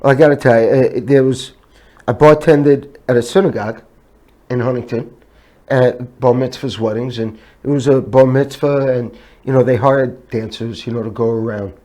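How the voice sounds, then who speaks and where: A man's voice: medium pitch, steady tone, normal speed, mellow. A man hosting a casual talk show, telling anecdotes in a laid-back way. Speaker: show host.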